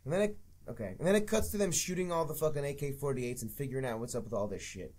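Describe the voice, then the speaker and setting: A man's voice: mid-range voice, lively intonation, quick pace, darkish tone, slightly rough. A man co-hosting a podcast, mocking a film in a profane, casual way. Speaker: podcast co-host. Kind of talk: casual movie review chat.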